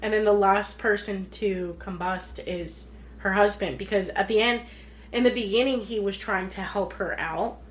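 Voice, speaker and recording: A woman's voice: medium pitch, moderate pace, a little hiss or hum. A woman co-hosting a podcast, chatting casually about a film and acting out the characters' lines as she retells it. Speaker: podcast co-host. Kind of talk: casual chat recapping a film.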